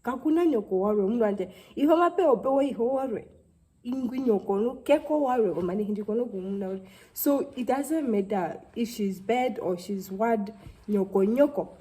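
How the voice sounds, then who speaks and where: A young woman, talking to camera in a halting, heartfelt way and close to tears. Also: a little high, dark tone, poor audio. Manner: halting, heartfelt, with many restarts. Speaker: vlogger. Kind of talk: casual talk to camera.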